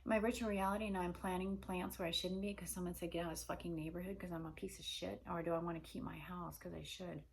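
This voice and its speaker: A woman's voice: on the low side, little pitch movement, quick pace, vocal fry, few pauses, slight background noise. A woman talking alone in a rambling monologue, stringing run-on questions together with heavy swearing.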